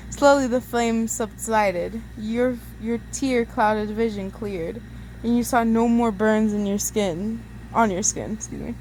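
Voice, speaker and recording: A woman's voice: on the high side, a little mellow, a little hiss or hum. Young woman reading fan fiction aloud. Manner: casual, laughs at her own slips. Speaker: story reader.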